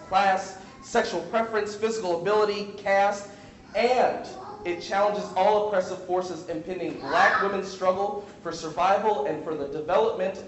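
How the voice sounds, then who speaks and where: A man's voice: high-pitched, slight background noise. A man preaching a sermon in a church, calling on the congregation to repeat words and slipping into colloquial asides. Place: large church hall. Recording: echoey hall.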